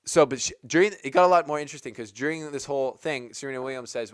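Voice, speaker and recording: A man's voice: mid-range voice, fast talker, few pauses, clear, resonant tone, no echo, clean studio sound. A man hosting a tennis channel, giving casual opinion commentary in a chatty, rambling way with lots of "like". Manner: chatty, rambling, heavy use of "like".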